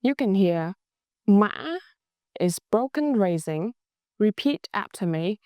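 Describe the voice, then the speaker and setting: A young woman with a Vietnamese accent teaching a language lesson, speaking slowly and carefully and drawing out words to show how they sound. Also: medium pitch, lively intonation, dark tone, no echo, studio quality. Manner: slow, careful, exaggerated tone demonstrations.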